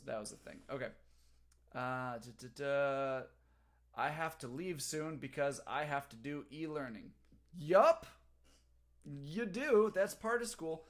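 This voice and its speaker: A young man, a teacher, chatting casually on a livestream from home, reading the chat aloud and talking while he eats. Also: medium pitch.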